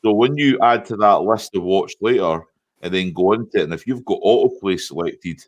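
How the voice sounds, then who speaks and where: A Scottish man guesting on a live stream, chatting in an animated way and often checking in with his listeners. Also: low voice, fairly quick. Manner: chatty, animated, keeps saying "you know what I mean". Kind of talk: casual chat.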